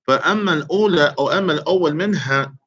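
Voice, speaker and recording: A man teaching an Arabic vocabulary lesson, quizzing his students and repeating each word slowly. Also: on the high side, a bit bright. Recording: dull lo-fi recording.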